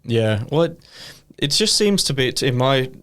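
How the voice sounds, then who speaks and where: A man's voice: mid-range voice, sing-song, measured pace, a bit bright. A young man with an English accent hosting a podcast, chatting casually and rambling through self-corrections. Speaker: podcast host. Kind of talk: casual chat.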